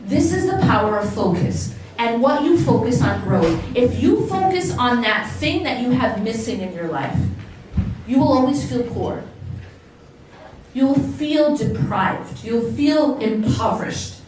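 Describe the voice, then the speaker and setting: A woman's voice: fairly high pitch, big pitch swings, unhurried, darkish tone, a little hiss or hum. American woman lecturing in an echoey hall. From United States. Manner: questions the audience, repeats words for emphasis. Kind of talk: motivational religious lecture to a live audience. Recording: very echoey hall, distant mic.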